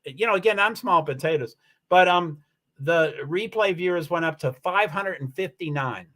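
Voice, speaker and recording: A man with a high, bright voice hosts a casual livestream, thanking viewers and wandering between points. He talks in a loose, rambling way, full of ums and restarts. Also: normal speed. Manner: rambling, chatty, with many fillers and restarts. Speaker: livestream host.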